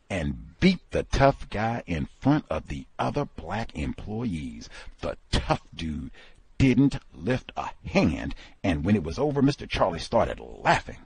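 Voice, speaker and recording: A man's voice: mid-range voice, darkish tone, husky, no room sound. A man hosting a book club session, reading a memoir aloud with emphatic, exclaiming commentary. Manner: emphatic, exclaiming, conversational asides.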